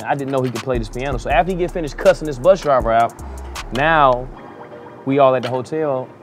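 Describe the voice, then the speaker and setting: A man working as a DJ tells a wild story in a casual, profane way, chuckling as he goes. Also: medium pitch. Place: outdoors in a city.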